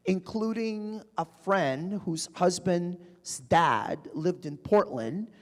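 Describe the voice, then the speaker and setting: Onstage in a large, reverberant hall, a guest speaker tells stories to a live audience in a public conversation, animatedly acting out the people he quotes. His voice sits high and he speaks slowly.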